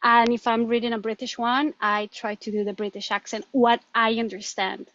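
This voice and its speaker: Woman, Colombian accent, Spanish native speaker, animated interview chat, slightly high pitch, dull lo-fi sound. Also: normal speed, no room sound. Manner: animated, laughs often, restarts words. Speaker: guest. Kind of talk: conversational interview.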